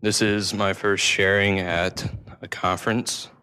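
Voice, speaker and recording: A young man sharing his testimony at a conference with a nervous, halting delivery. His voice sits very low and stays flat and even. He speaks softly, with frequent ums and restarts. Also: clear, resonant tone. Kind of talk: personal testimony talk.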